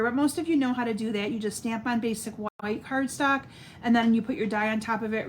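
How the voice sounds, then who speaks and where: Woman, middle-aged, chatty crafter, higher-pitched voice, faint room hiss. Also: fairly bright tone. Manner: chatty, reads out viewer comments. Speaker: card-making demonstrator. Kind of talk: live-stream craft demo.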